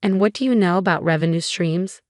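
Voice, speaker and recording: A curt, condescending tech boss, read by a woman with a low voice in a dry, close recording. He waves off anything he doesn't care about. The lines stay clipped and cold. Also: fairly quick, no echo, close to an everyday voice. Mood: cold, dismissive. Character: cold dismissive male tech CEO.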